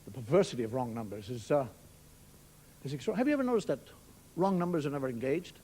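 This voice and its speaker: A man's voice: medium pitch, very animated, fast, background noise. An Irish man performing a stand-up monologue, telling wry stories with mock outrage. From Ireland. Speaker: stand-up comedian.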